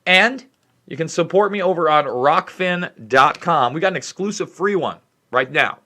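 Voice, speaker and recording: A man's voice: fairly high pitch, expressive, normal speed, sharp tone. Emphatic, indignant male vlog host. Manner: indignant, emphatic, drags out key words. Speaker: online commentary host. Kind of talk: ranting commentary vlog.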